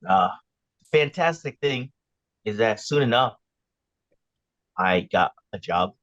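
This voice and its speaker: A man's voice: lowish voice, expressive, takes it slowly, a bit bright. A young man guest on a casual podcast, telling his story in a laid-back, joking way. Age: young adult. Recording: dry, dull lo-fi mic.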